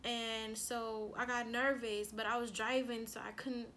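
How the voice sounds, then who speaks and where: Woman, storytime chat, high bright voice, animated, lots of "like", faint hiss behind. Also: measured pace. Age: adult with a son. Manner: animated, lots of "like" and quoted self-talk. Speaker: relationship coach and vlogger.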